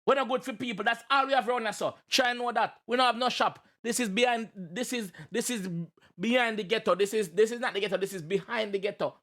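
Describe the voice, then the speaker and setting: A Jamaican man with a high, lifted voice reacts to a track in animated patois. He jokes, shouts and chants, with his energy spilling over. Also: quick pace, hardly any pauses. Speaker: reaction video host.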